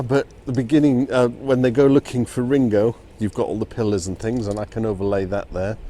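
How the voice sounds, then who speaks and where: A man with a low, mellow voice narrates a walking tour. He talks chattily and chuckles between remarks. Faint street noise sits behind him. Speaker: vlogger touring film locations. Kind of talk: casual walking vlog narration. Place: outdoors on city streets.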